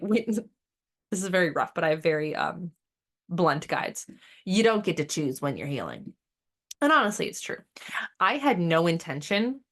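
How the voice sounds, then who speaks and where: A woman hosting a spiritual podcast in a casual, blunt way, swearing freely and wandering into sidetracks. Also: lowish voice. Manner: blunt and profane, animated; chatty, with fillers and sidetracks. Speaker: podcast host.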